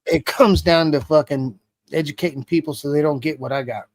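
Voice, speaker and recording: A man's voice: a little high, a little fast, no echo. A man being interviewed, telling a story casually with heavy swearing. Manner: profane, animated retelling with heavy swearing. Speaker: interview guest.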